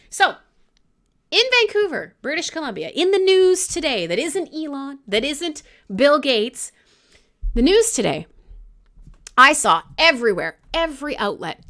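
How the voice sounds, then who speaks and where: Lively, bright-voiced woman host. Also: high-pitched. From Canada. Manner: swearing, laughing, joking. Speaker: radio show host. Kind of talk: irreverent live chat.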